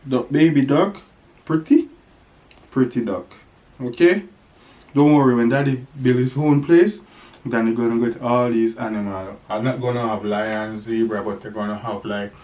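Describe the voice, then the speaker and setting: A man's voice: mid-range voice, unhurried, pauses often, a little mellow. A man talking playfully to his baby in a home vlog, making animal sounds. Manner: sing-song talk to a toddler with animal sounds. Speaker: father teaching his baby.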